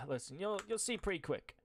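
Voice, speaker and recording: A man narrating a tabletop game as game master, wry and deliberate. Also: sits high, lively intonation, a little hiss or hum.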